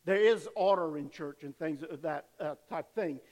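Casting: older male pastor, high-pitched, animated sermon, church hall echo. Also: moderate pace. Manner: animated preaching, acts out cheering fans.

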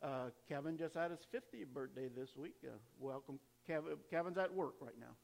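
A man, a pastor giving church announcements and leading the offering in a casual, chatty way, with quick laughs and restarts. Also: on the high side, vocal fry. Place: church sanctuary.

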